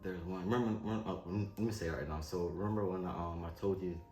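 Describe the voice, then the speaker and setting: Low-key man chatting in a roomy space. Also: quick pace, darkish tone. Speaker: vlog co-host. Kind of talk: casual chat. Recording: roomy sound with faint music.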